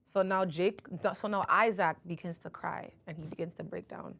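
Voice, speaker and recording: A woman hosting a faith talk show, retelling scripture in casual, emphatic speech with frequent restarts. Her voice sits somewhat low for a woman. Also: fairly even intonation, normal speed, vocal fry, few pauses, a bit bright. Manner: conversational, self-correcting, emphatic. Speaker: podcast host.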